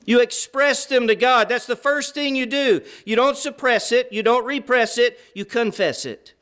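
A man's voice: very high-pitched, moderate pace, a bit bright, clean tone. A middle-aged man preaching a sermon in an earnest, conversational way, stressing points through repetition.

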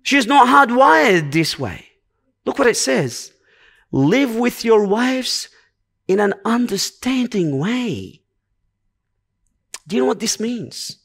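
A high-pitched man delivering a sermon at an unhurried, deliberate pace. He preaches earnestly, stacking short repeated commands to press each point home. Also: very animated, vocal fry, fairly bright tone.

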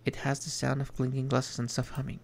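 A man streaming an indie game, reading its text aloud in a measured, reflective way with small asides. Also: mid-range voice, completely flat delivery, creaky, slight background noise.

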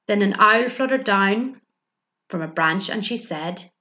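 A librarian reading a rhyming picture book aloud for children. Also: female voice, mid-range voice, takes it slowly, pushed and bright. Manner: rhythmic rhyming delivery. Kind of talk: storybook read-aloud for children.

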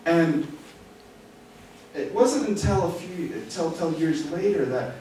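A man's voice: on the high side, measured pace, warm tone. A man telling a self-mocking story on stage, acting out the quoted lines as he goes. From United States. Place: theater stage. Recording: echoey theater from far off, noisy.

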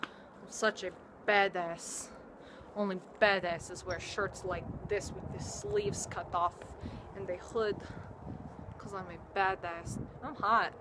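A woman voicing a vain, boastful male Russian figure skater in a slow, lowered drawl with a put-on Russian accent, for a cosplay comedy skit. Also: steady tone, background noise, lightly acted. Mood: smug.

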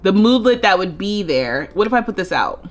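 Lively woman streaming a life-sim game. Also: mid-range voice, normal speed. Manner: chatty, thinking aloud while playing. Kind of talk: live gameplay commentary.

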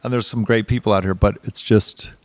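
A man's voice: fairly low pitch, steady tone, fairly quick, no room sound. A man talking as a podcast guest in a recording studio, wry and playful, often restarting and repeating his words. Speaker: guest musician. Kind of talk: casual chat.

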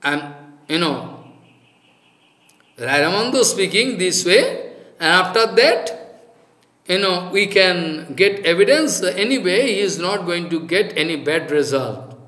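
A man's voice: high-pitched, animated, unhurried, pauses often, bright, forceful tone, roomy sound. A man giving a devotional lecture in English, emphatic and repetitive, sometimes mocking others in put-on voices. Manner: emphatic, mocking impressions of others, repeats phrases. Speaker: spiritual teacher.

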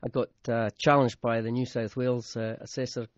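A middle-aged man with a Scottish accent answers questions in an easygoing, halting way and chuckles along. He sits at an average pitch. The sound is a dull, dry radio studio feed. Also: flat delivery, no echo. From Scotland, Highlands. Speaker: guest, accommodation ratings manager. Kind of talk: radio interview.

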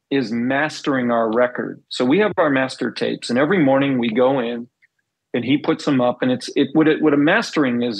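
A middle-aged man, a former band bassist, telling stories in a casual interview and acting out the dialogue he recalls. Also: gravelly, slightly rough, low-quality recording. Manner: animated storyteller, acts out quoted dialogue.

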